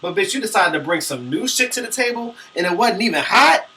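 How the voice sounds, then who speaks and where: A man's voice: sits high, animated, brisk, bright, forceful tone, distant mic, a little hiss or hum. A man vlogging a brash, profane celebrity gossip rant. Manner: sassy, brash, dramatic.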